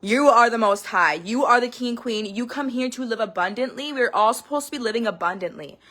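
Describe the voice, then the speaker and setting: A woman in her thirties hosting a podcast, telling stories in a rambling, profane, animated monologue. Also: fairly high pitch, a little fast. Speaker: podcast host. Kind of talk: casual monologue.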